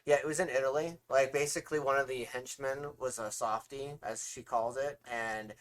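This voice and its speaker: A man co-hosting a casual film review with his wife, relaxed, correcting names and filling in plot points. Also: mid-range voice, moderate pace.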